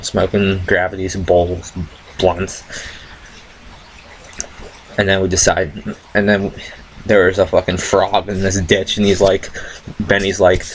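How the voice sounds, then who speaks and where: A young man tells a loose, profane story in a laid-back, rambling way, full of restarts. His voice sits low. A faint hiss runs behind him. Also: low-quality recording. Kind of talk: rambling casual anecdote.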